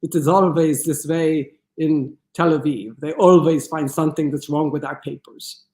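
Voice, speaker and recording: A woman's voice: low voice, fairly even intonation, moderate pace, darkish tone, reverberant, lightly acted. A woman doing a curt German pilot. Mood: dismissive.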